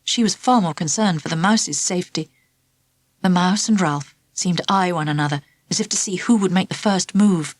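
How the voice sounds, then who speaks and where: A woman narrating a children's storybook in an expressive, lively storytelling manner. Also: fairly low pitch, normal speed, no room sound. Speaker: audiobook narrator.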